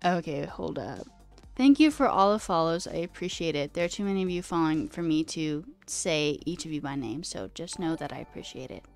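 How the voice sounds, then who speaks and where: A woman streaming as a coding host, chatting casually and rambling with self-deprecating asides while her pitch jumps up mid-sentence. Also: lively intonation, a little fast, soft background music. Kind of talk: casual live-stream chat.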